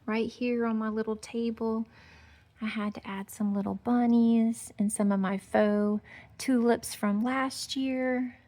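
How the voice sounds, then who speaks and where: A home decor vlogger narrates a casual tour of her decorated outdoor porch, gushing and chatty, full of fillers and sweet little remarks. Her voice is a little high and warm, with a steady, unhurried tone.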